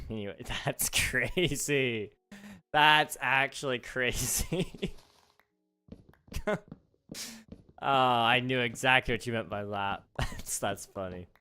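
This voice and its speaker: A young man chats casually while hosting a live gaming stream, laughing often as he reads his chat aloud. His voice sits at a middling pitch, with faint music playing behind him. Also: slow, pauses often, sharp tone, clean tone. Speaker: livestream host.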